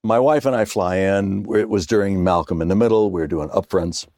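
A man's voice: sits low, fairly quick, darkish tone, dry recording, studio quality. A middle-aged man, an actor guest, telling a story in casual chat and acting out the voices of the people in it. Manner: acts out quoted voices, laughs mid-story.

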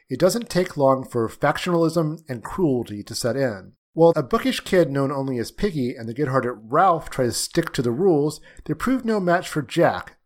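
A man hosting a film podcast over a video call, reading scripted intros with a wry, lively delivery. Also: medium pitch. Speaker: podcast host.

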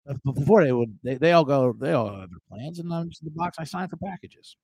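Male host, high and lively voice, profane comic rant, dry studio mic. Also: brisk, breathy edge, dry recording, low-quality recording. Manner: profane, animated, mimics family members. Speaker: sports betting show host. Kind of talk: comedic live-stream rant.

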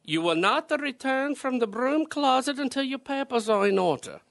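A man's voice: very high-pitched, expressive, moderate pace, creaky, a bit bright, heavily acted. A man putting on a bossy German-accented Santa Claus in a radio comedy sketch, clipped and commanding. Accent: German (put on). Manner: clipped, commanding, laughing through lines.

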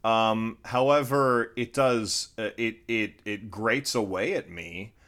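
A man's voice: lowish voice, slow pace, fairly bright tone. A man from Florida co-hosting a casual film review podcast, dry and sarcastic in his remarks.

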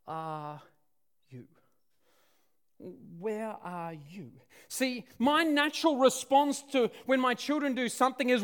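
A man preaching a sermon, swinging from loud declarations to hushed, dramatic near-whispers. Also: high-pitched, clean tone.

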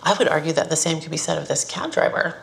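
A woman's voice: low-pitched, lively intonation, fast, gravelly, slight background noise, heavily acted. An actress playing a female casting director who insists matter-of-factly on what she wants. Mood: insistent.

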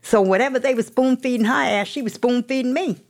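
A woman's voice: fairly high pitch, a little fast. A middle-aged woman guest telling her recovery story in a blunt, profane, streetwise way, often laughing. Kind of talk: candid storytelling interview.

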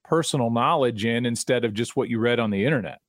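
A middle-aged man, a broadcaster, telling stories in casual chat, animated and restarting his sentences. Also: mid-range voice, fast, no echo, studio quality. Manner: animated, repeats words when starting sentences. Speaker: guest broadcaster. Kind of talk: casual storytelling.

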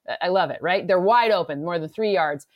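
Woman from Michigan, lowish voice, dry close sound, rambling restarts, analytics guest. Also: no echo, lo-fi sound. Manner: fast, rambling, many restarts. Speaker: NFL analytics expert guest. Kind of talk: casual podcast chat.

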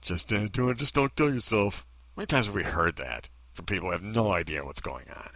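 A man rants in a bitter monologue, throwing out sarcastic rhetorical questions. His voice swings widely in pitch and has a bright, forceful edge. The sound is dry and close, with no room around it. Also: very animated, fast, no echo. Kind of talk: ranting monologue.

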